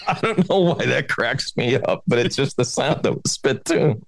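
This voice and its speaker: A man's voice: medium pitch, moderate pace, gravelly, very noisy. A man co-hosting a comedy podcast, chatting casually and laughing often. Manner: jokey, laughs often, animated. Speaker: podcast co-host.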